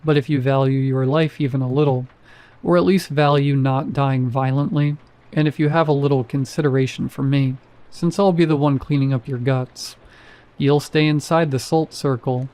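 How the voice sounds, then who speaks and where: A deadpan, indifferent night-shift security guard from a horror story, voiced by a man. He speaks flatly, as if nothing matters, in a dark, mellow tone. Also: mid-range voice, moderate pace, lightly acted. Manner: flat, almost bored delivery. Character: apathetic male supermarket security guard, flat and bored.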